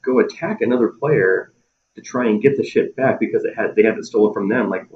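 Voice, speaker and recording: A game designer chatting as a guest in a relaxed interview, his voice sitting a little low. He laughs often and slips into short acted quotes. The sound is dull and lo-fi. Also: brisk. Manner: laughs often, acts out players' lines. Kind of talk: casual interview chat.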